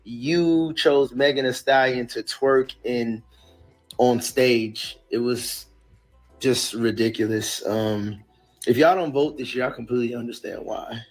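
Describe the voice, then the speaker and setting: A man's voice: medium pitch, normal speed, soft background music. Casually dismissive man commenting. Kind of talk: opinion commentary.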